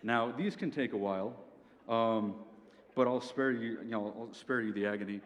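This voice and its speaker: A man's voice: mid-range voice, normal speed. A young man giving a comic presentation at an event, with a dry delivery that tags his points with "okay?". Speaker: speaker at a student event. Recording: reverberant hall, faint background noise.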